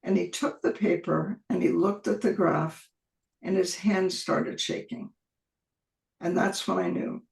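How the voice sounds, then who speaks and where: A woman guest in an interview, telling an animated story and acting out the dialogue she recounts. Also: on the low side, measured pace, vocal fry. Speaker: guest, clinician and researcher. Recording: roomy echo.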